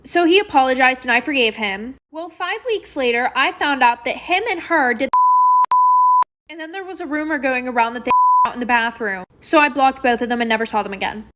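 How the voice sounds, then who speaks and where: Young woman, high bright pitch, chatty storytime narrator, dramatic and sarcastic. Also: brisk.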